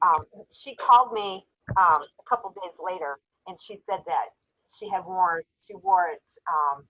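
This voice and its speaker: A woman's voice: fairly low pitch, measured pace, a bit bright. Woman for a sales team call, heartfelt storyteller, slightly dull lo-fi sound. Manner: emotional, storytelling, tearful at times. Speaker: jewelry sales team member. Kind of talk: casual group call.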